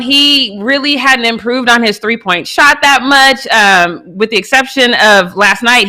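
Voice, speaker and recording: A woman's voice: fairly high pitch, pushed and bright. A woman co-hosting a live sports show, giving her opinions in a candid, casual way.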